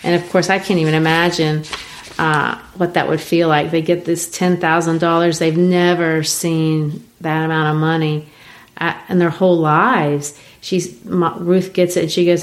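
A woman discussing a classic play in a relaxed lesson, explaining with thoughtful pauses and fillers. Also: deep voice. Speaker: literature teacher. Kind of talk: discussing and reading a play aloud.

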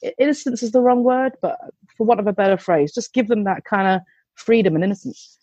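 Mum chatting away candidly, husky and mellow, dry dull-sounding recording. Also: female voice, mid-range voice, brisk, dry recording. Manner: candid, chatty storytelling with swearing and restarts. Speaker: mother telling a story. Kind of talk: casual anecdote.

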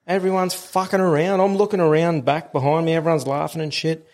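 A man's voice: a little high, fairly even intonation, a little fast, a little mellow. An Australian man spinning a laid-back, blokey yarn on a podcast, swearing freely as he talks. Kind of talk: casual podcast storytelling.

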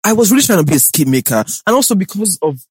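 A Nigerian man with a fairly high, husky voice that jumps all over in pitch. He chats casually and animatedly, slipping pidgin into English. The sound is dry and close. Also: racing, dry recording. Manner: animated, laughs often, mixes pidgin with English. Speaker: podcast host and content creator. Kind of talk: casual chat.

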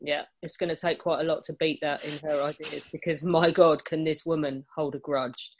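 A woman's voice: deep voice, level tone, normal speed, highs cut off. A woman hosting a podcast, teasing the guests and moving things along. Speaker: podcast host. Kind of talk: casual chat.

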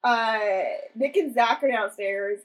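A young woman co-hosting a casual chat recap of a ghost-hunting show, animated and laughing. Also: fairly high pitch, takes it slowly, rough recording. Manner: animated, laughing, retells scenes in quoted voices. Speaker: podcast co-host.

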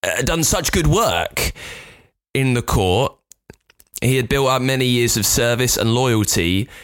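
A man co-hosting a podcast, telling stories in a casual chat with an animated, jumpy delivery. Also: mid-range voice, measured pace, smooth. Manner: animated, jumpy storytelling with lively swings. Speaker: podcast co-host.

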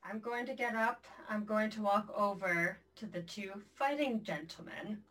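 A woman playing in a tabletop game, describing her character and speaking for her calmly and plainly, with fillers. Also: mid-range voice, measured pace. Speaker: player. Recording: voice a little distant from the mic.

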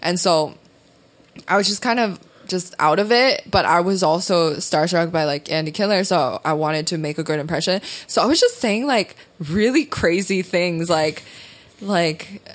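A young woman comedian from Shanghai, telling stories in casual chat, animated, laughing often and full of fillers. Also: on the low side, normal speed. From Shanghai, China. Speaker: stand-up comedian, podcast co-host.

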